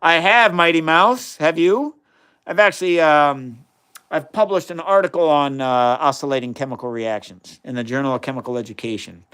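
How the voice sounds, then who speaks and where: A man's voice: a little high, moderate pace, fairly bright tone, clear, resonant tone. A man in his fifties hosting a casual livestream, doing chemistry experiments and answering viewers' questions with enthusiasm. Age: 50s. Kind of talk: casual live-stream chat while doing experiments.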